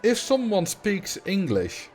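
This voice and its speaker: A man's voice: high voice, wildly swooping pitch, slow, soft background music. A man with a Dutch accent chatting casually on a livestream while thinking aloud. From Netherlands. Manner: musing, conversational, thinking aloud. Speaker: streamer.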